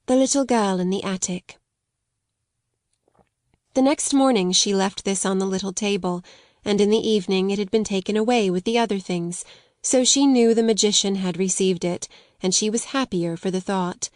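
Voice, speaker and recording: A woman reads a classic children's story in a measured, gentle way. Her voice sits at a middling pitch. The recording is close and dry, with no room echo. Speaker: audiobook narrator. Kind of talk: scripted storybook narration.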